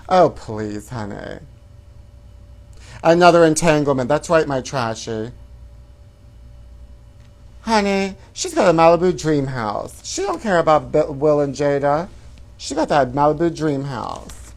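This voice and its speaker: A man's voice: a little high, animated, a little slow, darkish tone. A man hosting a celebrity gossip show, reading tabloid stories with flamboyant, theatrical asides and calling his viewers honey. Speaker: host. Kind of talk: campy celebrity gossip commentary.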